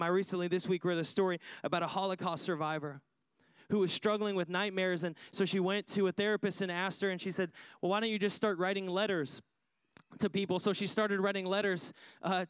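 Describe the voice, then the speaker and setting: A man's voice: high-pitched, steady tone, brisk, clean tone, dry recording. A man preaching a sermon, emphatic, repeating phrases for effect and putting questions to his listeners. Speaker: pastor.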